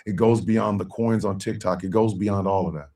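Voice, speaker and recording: A middle-aged man hosting a live talk stream, speaking in a heartfelt, slow way with long dramatic pauses. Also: lowish voice, steady tone, far from the mic. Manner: bursts into a loud shouted sign-off. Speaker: show host.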